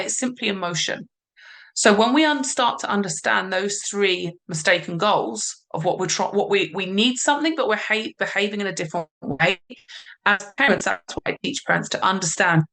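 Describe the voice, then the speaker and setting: A woman parenting coach explaining calmly in a podcast conversation, sometimes voicing what a parent or child might say. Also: medium pitch, gravelly. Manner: calm, explanatory, acts out parent and child lines.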